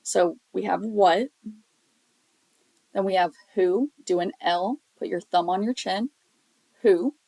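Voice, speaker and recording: A woman's voice: mid-range voice, slow, vocal fry, long pauses, warm tone, dry recording, rough recording. Patient woman teaching, dry close sound. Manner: patient, explanatory, with frequent um fillers. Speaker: sign language teacher. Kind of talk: recorded classroom lesson.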